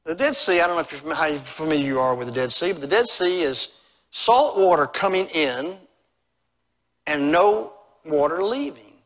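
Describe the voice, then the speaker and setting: A middle-aged man preaching a revival sermon in a church, swinging from loud exclamations to hushed appeals. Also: fairly high pitch, animated, normal speed. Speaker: evangelist preacher. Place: church sanctuary.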